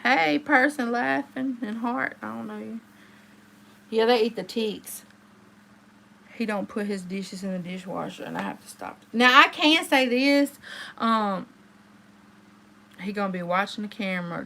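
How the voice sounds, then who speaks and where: Woman, young, livestream host; bright, slightly high voice, gabby storyteller with loud high-pitched outbursts. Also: lively intonation, unhurried, vocal fry, pauses often. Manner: chatty, storytelling, swings into high exclamations. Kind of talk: casual livestream chat with viewers.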